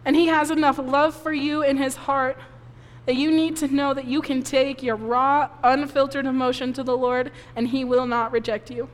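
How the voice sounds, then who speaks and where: A woman pastor preaching a sermon, giving an emotional personal testimony while crying softly. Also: high voice, level tone, moderate pace. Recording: long reverb of a hall.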